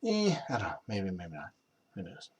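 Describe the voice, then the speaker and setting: A man's voice: low-pitched, wildly swooping pitch, normal speed, noisy background. A young man on a live stream who rambles casually, with many fillers and restarts. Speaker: streamer practicing accents.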